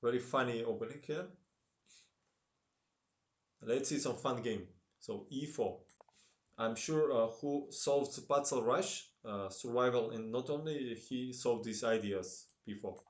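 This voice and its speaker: A man's voice: mid-range voice, measured pace. A man with a Russian-tinged accent and broken English, commentating chess on a live stream, chatting with viewers and laughing often. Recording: roomy echo.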